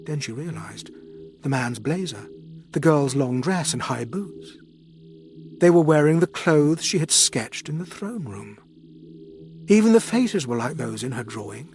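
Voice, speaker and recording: A man reading an audiobook aloud in a measured, expressive way. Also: fairly high pitch, soft background music. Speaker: audiobook narrator. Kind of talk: scripted audiobook narration.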